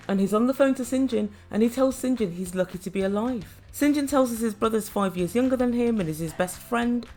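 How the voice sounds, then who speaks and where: Woman, higher voice, opinionated reality-TV recap, chatty, faint music underneath. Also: warm tone. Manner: chatty and judgmental, addresses viewers as guys.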